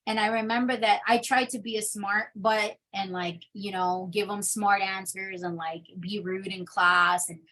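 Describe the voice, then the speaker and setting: A young adult woman telling her personal testimony in an interview, in a casual, animated storytelling manner. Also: mid-range voice, normal speed, few pauses. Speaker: interview guest.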